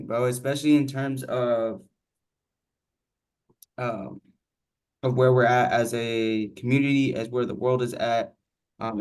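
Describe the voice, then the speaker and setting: A man's voice: mid-range voice, a little mellow. Laid-back slangy man on a call. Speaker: book club member. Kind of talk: casual call chat. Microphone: video call.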